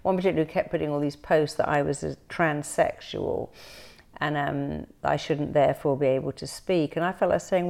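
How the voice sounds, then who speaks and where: A woman therapist, a guest in a casual interview, tells stories with lots of animation and acts out what people said. Her voice is deep and creaky, at a normal speed.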